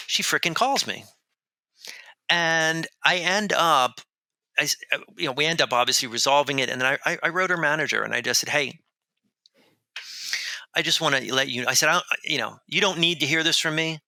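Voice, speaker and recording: Animated gravelly man telling a story. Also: a little high, a little fast, dry recording, poor audio. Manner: animated, rambling, with many restarts. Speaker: author and guest. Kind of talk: conversational storytelling.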